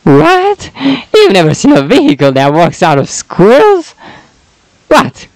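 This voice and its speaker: A man voicing a puzzled male zombie who herds squirrels, in a squeaky, incredulous voice. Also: huge pitch swings, a little slow, dry recording, heavily acted, poor audio.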